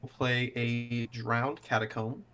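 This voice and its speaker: A man's voice: mid-range voice, little pitch movement, slow pace, pushed and bright, clean tone. A man in his thirties chatting over a voice call during a card game, easygoing with short replies. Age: 30s. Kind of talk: casual chat over voice call.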